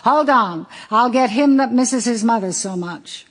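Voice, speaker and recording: Brisk bossy grandmother, as a woman reader does her. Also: on the high side, lively intonation, rough recording. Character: brash older grandmother, mother-in-law.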